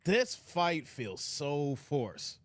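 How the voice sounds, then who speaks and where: A man hosting a casual boxing live stream, giving his opinions in a lively, reflective way. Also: fairly high pitch, extremely slow. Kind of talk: casual chat.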